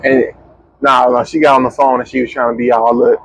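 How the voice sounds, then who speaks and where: A young man, chatting casually as a podcast co-host and telling a story with lively, slangy quoting. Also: mid-range voice, brisk, creaky, slight background noise, poor audio. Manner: animated, slangy storyteller who acts out quotes.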